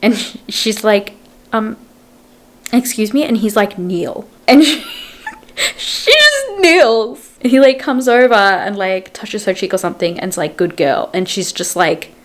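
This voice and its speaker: Young woman book vlogger, chatty and rambling, retells plots with quoted lines, mid-pitched. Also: very animated, measured pace. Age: young adult. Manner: chatty, retells scenes in quotes, says "like" often. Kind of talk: casual book review chat.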